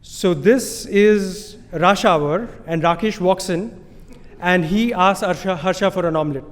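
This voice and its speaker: High-voiced Indian man telling a story. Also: a little slow. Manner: amused, self-deprecating, chuckling between lines. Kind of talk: live storytelling on stage. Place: stage in a large hall. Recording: live hall with long reverb.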